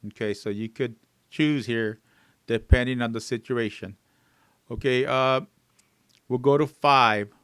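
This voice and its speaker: A male English teacher drills everyday phrases, saying them again and again, stretched word by word. His voice is smooth and clear, and the recording is dry and close to the mic, with no room sound. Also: mid-range voice, steady tone, no room sound. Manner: repeats phrases slowly, word by word, with rising emphasis; fillers and gentle asides to viewers.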